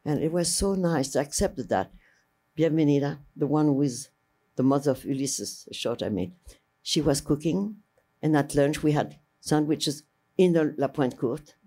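An older woman, a filmmaker being interviewed, reminisces through stories in a warm, low voice at a normal pace. French is her first language, and she rambles energetically, restarting phrases midway and acting out what others said.

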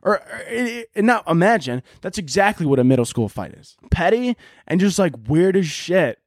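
A man with a fairly high voice hosts a comedy podcast in a profane, rambling rant. He jumps between tangents with animated energy. The sound is dry and close. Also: normal speed, no echo. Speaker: podcast host. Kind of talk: casual comedic podcast monologue.

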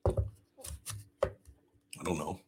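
A man's voice: extremely slow, darkish tone, slight background noise. A man hosting his own talk show, a pro wrestler who talks in a brash, profane way and acts out wrestling moves with rising energy. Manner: profane, brash, swears constantly. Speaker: podcast host and pro wrestler. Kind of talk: unscripted solo talk.

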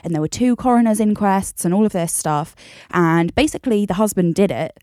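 A woman's voice: mid-range voice, a little fast, dark tone, no room sound, studio quality. A woman co-hosting a podcast, chatty and casual, swearing freely and laughing often. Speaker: podcast co-host. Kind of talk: casual chat.

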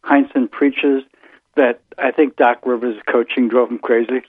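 An older man, calling in to a casual sports chat and talking in a measured, thoughtful way with hesitant restarts. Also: medium pitch, steady tone, slightly rough, no room sound. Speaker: caller, the host's father. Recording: tinny phone line.

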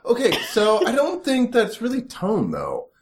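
A man co-hosting a podcast in casual banter, animated, who often mimics other people in put-on voices. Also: very high-pitched, measured pace, background noise. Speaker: podcast co-host.

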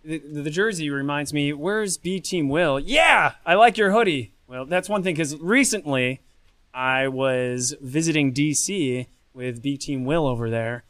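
Male guest, bright and forceful tone, dry close mic, chatty and upbeat. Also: on the high side, measured pace, no room sound. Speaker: game publisher guest. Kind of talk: casual chat. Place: live convention panel.

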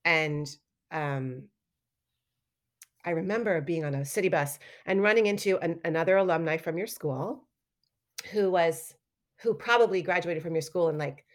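Lively storytelling woman, lower voice. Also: moderate pace, pauses often. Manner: animated, acts out quotes with laughs. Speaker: guest artist and educator. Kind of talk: casual interview storytelling.

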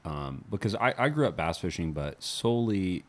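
Deep-voiced male interviewer. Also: expressive, normal speed, creaky. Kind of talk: casual interview talk.

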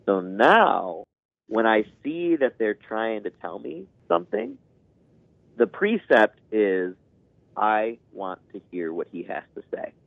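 Man, low gravelly voice, earnest parent telling his story, dry, phone-quality audio. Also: big pitch swings, slow pace, no room sound. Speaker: parent sharing experience. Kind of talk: casual podcast conversation. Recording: tinny phone-like line.

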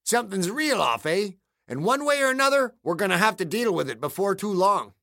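A man voicing a gruff, weathered male islander who talks in a blunt, folksy way. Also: high voice, big pitch swings, fairly quick, sharp tone, no room sound, studio quality, pitched above the performer's own voice, full character voice. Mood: uneasy.

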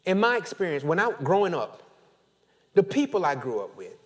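A man preaching a sermon as pastor, animated, with call-and-response and casual storytelling asides. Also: high voice, moderate pace.

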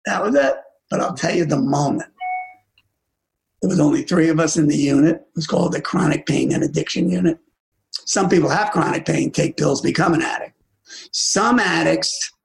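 An older man with a gravelly, slightly high voice tells a deeply personal story as a talk guest. He talks intimately and often sinks into a hushed, near-tearful half-whisper. The pace is unhurried and confessional. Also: rough recording. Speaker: podcast guest, music agent. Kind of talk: emotional storytelling.

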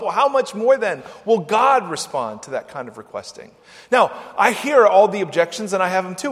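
A male pastor giving a conversational sermon, with animated swings between loud, emphatic lines and soft asides. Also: high voice, normal speed. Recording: long church-hall reverb.

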